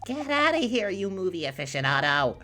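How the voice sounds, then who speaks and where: A woman voicing an excitable young man in a hospital bed, given to dramatic playful outbursts. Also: deep voice, measured pace, faint music behind, exaggerated voice. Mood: flustered. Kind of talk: visual novel voice reading.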